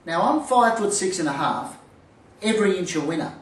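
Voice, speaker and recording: Comic storyteller, self-mocking, recorded from far off in a roomy space. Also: male voice, high-pitched, moderate pace. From Australia. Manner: lively, self-mocking, punchline timing. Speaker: storyteller, former boxer.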